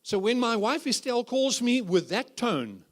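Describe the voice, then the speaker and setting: A man's voice: very high-pitched, very animated, normal speed. A man preaching as a guest speaker at a church conference, humorous and full of rhetorical questions. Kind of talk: conference sermon.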